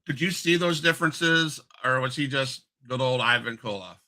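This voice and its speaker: A man's voice: mid-range voice, normal speed, sharp tone, low-quality recording. A man hosting an interview, asking friendly questions and often restarting mid-sentence. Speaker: interview host.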